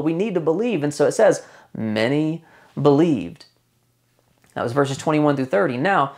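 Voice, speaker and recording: A man's voice: fairly high pitch, a little mellow. Man preaching in a conversational way. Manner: conversational preaching, slows for emphasis, repeats phrases. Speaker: pastor. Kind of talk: sermon.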